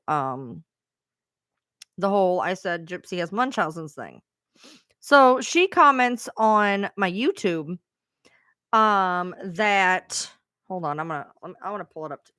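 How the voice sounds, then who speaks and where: A woman's voice: mid-range voice, a bit bright, clean tone, no room sound, clean studio sound. A woman live streamer casually telling a rambling story to her viewers, chatty and swearing freely.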